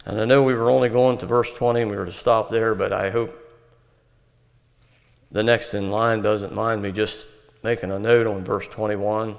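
A man preaching an earnest, measured Bible-teaching sermon. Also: lowish voice, steady tone, creaky, in a large hall.

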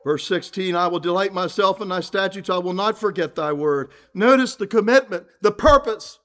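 At a moderate pace and with a fairly bright tone, a man preaches, reading aloud from scripture. Earnestly he repeats his points, often dropping to a low murmur at the ends of phrases.

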